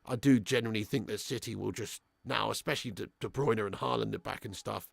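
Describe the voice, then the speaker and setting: A man's voice: fairly low pitch, a little fast, vocal fry, no room sound. A young man hosting a live match watch-along, swearing freely and reading out viewer messages. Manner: crude, swearing fan banter; reads out viewer super chats. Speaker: fan channel host.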